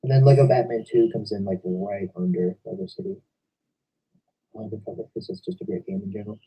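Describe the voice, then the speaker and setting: A man's voice: fairly low pitch, fairly even intonation, a little fast, mellow, slightly rough, far from the mic, poor audio. A young man hosting a stream, chatting casually and rambling about video games. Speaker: stream host. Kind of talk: casual chat. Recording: voice from away from the mic.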